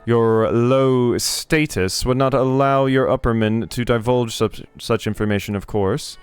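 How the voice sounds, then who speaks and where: A man's voice: mid-range voice, steady tone, unhurried, clean tone, no room sound, faint music behind, lightly acted. A man voicing a proud, zealous male gull in a video game, in a pompous, formal way with broken phrasing. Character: proud zealous talking gull, a male sea bird guard.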